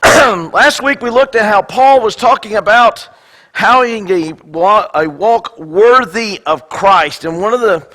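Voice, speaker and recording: A male pastor with a raspy, hoarse voice, mixing wry self-deprecating jokes with a scripture reading. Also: high-pitched, slow, pushed and bright. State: hoarse, coughing. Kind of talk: sermon.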